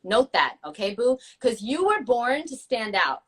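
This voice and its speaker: A woman co-hosting a chat show in an effusive, playful way. Her voice sits fairly high. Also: big pitch swings, measured pace, fairly bright tone, husky. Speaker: co-host. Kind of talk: casual chat.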